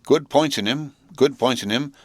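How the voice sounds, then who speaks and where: A man voicing a smug, pompous gentleman cousin who speaks in a dry, sententious manner. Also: mid-range voice, moderate pace, dry recording, pitched above the performer's own voice, lightly acted.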